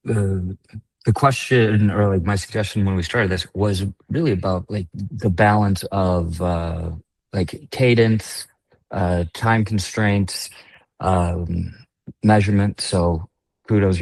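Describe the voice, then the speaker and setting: A man's voice: deep voice, fairly even intonation, takes it slowly, darkish tone, no room sound. A man in a training session asking a question, hesitating and hedging with fillers. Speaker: session participant.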